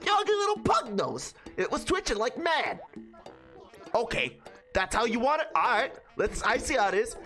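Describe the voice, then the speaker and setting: Woman doing a gruff, scolding male mole. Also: fairly high pitch, sing-song, moderate pace, fairly bright tone, soft background music. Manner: gruff lecturing tough-guy drawl. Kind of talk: reading game dialogue aloud in character.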